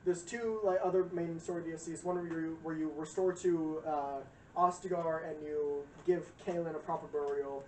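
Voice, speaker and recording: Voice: medium pitch, steady tone, moderate pace. A young adult streamer casually rambling through a lecture, swearing often, with fillers and acted-out quotes. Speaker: streamer giving a game lore lecture. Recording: roomy echo, distant mic, faint noise.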